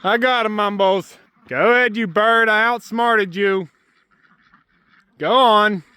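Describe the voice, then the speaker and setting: A man's voice: high-pitched, slow, pushed and bright, clear, resonant tone, no room sound. A man narrating a casual homestead vlog outdoors in the snow, talking to his animals in a fond sing-song voice. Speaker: homesteader vlogger. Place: outdoors on a snowy farm.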